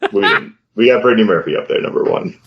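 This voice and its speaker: A man co-hosting a podcast in casual chat, easygoing and quick to laugh. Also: on the low side, lo-fi sound. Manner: easygoing, laughs often, hesitant fillers. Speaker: podcast co-host.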